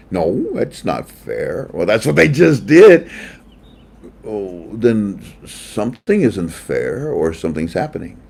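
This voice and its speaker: A ranting man hosting an online talk show, his voice swooping from low mutters to loud jabs. The tone is dark and mellow, and he scoffs and chuckles at the people he mocks. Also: very animated, moderate pace, vocal fry. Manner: heated, mocking, laughs at his own jabs. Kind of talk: ranting political commentary.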